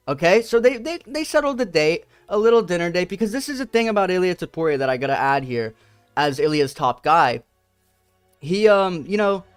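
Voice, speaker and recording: A young man riffing through casual fight commentary in a raised, fairly high voice. He rambles and speaks in slang, restarting sentences as he gets excited. The sound is dry and close, with no room around it. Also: smooth, no room sound. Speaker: MMA commentary YouTuber.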